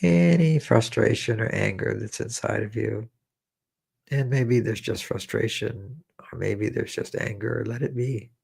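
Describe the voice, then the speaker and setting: A man with a low, gravelly, husky voice leads a guided meditation. He talks slowly and repeats himself, gently coaxing listeners toward their feelings and weaving in memories of his own. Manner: slow, repetitive, gently coaxing with personal memories. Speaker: meditation teacher.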